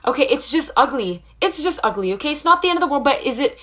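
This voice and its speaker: A woman's voice: high-pitched, animated, fast talker, bright, forceful tone. A young woman giving a casual, sassy and blunt opinion rant to camera.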